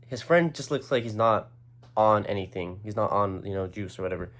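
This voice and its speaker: A man's voice: on the low side, fairly even intonation, fairly quick. A young man casually telling a rambling story, full of slang and fillers. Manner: rambling, slangy, lots of "like" and "bro".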